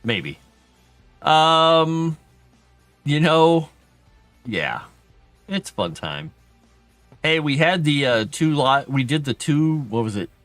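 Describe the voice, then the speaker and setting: A middle-aged man hosting a livestream, chatting casually with his viewers and telling stories from his childhood in a self-deprecating way, with a higher pitch when he acts out what others said. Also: lively intonation, slow pace, pauses often, fairly bright tone, no room sound, faint music behind. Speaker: livestream host. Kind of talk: casual storytelling to chat.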